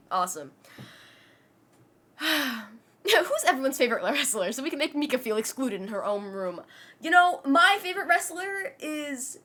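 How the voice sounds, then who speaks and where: A woman's voice: fairly high pitch, bright, forceful tone. A young adult woman streamer chatting casually with her audience and talking sweetly to her cat. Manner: chatty, talks baby-talk to her cat.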